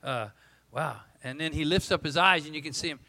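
A man in his sixties, a pastor, preaching a storytelling sermon in an animated, humorous way, acting out the people in his stories. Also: a little high, brisk, gravelly, poor audio.

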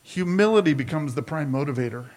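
A man's voice: a little high, animated, quick pace, a little mellow, a little hiss or hum. A man preaching a sermon as a pastor, talking conversationally and asking his listeners rhetorical questions.

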